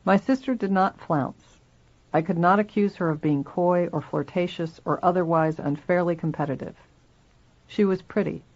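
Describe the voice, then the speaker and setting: A reader narrating a memoir aloud in steady first person, in a dull lo-fi recording. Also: mid-range voice, moderate pace.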